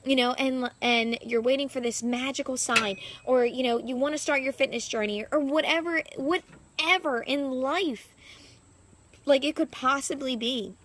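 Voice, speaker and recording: A woman's voice: sits high, moderate pace, a bit bright, a little hiss or hum. A young woman, a fitness coach, talking casually to her followers from her backyard. She rambles and fills her sentences with "like". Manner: rambling, heavy use of "like" fillers. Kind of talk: casual vlog monologue. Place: backyard, outdoors.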